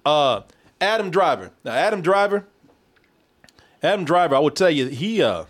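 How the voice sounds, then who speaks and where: Animated, laughing high-voiced man. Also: moderate pace. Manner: animated, laughing, swearing, does mock voices. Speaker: movie reviewer. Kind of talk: casual comedic movie review chat.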